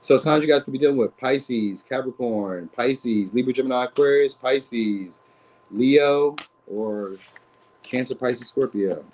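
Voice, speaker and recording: A man's voice: mid-range voice, a little slow, a little mellow, poor audio. A man giving a casual, rambling tarot reading in slangy talk, often asking "you know what I mean?". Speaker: tarot reader.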